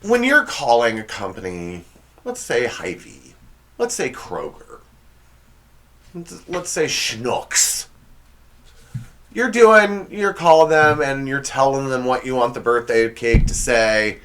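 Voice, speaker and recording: A man's voice: medium pitch, sing-song, slow pace, a bit bright. A man hosting a comedic monologue, sarcastic and exasperated, often stumbling over his words. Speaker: comedy show host.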